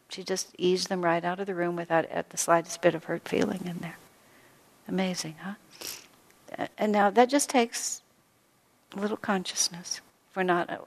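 A woman spiritual teacher giving a gentle storytelling talk to a live audience, full of soft asides. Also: fairly low pitch, creaky. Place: hall with an audience. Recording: long hall reverb.

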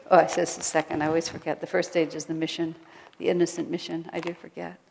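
A woman giving an informal spiritual talk to a small group, gentle and conversational, sometimes dropping almost to a whisper. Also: deep voice, little pitch movement, fast talker, vocal fry, slight background noise. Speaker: spiritual teacher. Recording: long reverb of a hall.

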